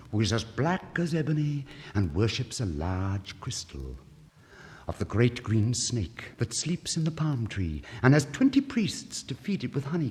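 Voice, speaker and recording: A man narrating a fairy tale in an expressive, theatrical storytelling manner. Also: mid-range voice. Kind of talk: storybook reading. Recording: reverberant old vinyl studio recording.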